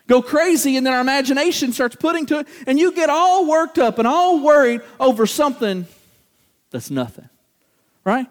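A man preaching a sermon to a congregation, acting out everyday voices and asking the room questions. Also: sits high. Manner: animated, acts out quoted voices, talks to congregation.

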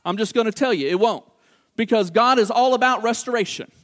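A middle-aged man preaching a sermon, animated and acting out little dialogues, repeating words for emphasis. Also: sits high, a little fast.

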